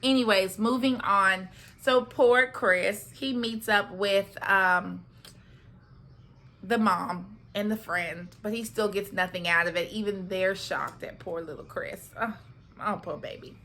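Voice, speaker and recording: A woman's voice: medium pitch, steady tone, takes it slowly, fairly bright tone. A young woman chatting casually through a reality TV recap, sassy and talkative, often checking in with "okay?" and "right?".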